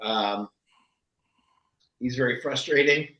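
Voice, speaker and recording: A man talking as a guest actor, telling candid, animated stories with a self-deprecating streak. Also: medium pitch, takes it slowly. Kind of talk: casual interview storytelling. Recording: echoey room.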